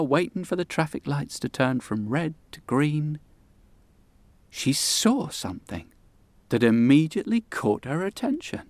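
A man telling a folk tale with unhurried, dramatic pauses and folksy asides, over guitar music. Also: a little high, no room sound. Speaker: storyteller. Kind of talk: oral storytelling.

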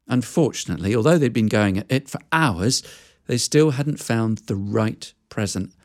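A woman storyteller telling a fairy tale in an animated, conversational way with asides to listeners. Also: rumbling low, moderate pace.

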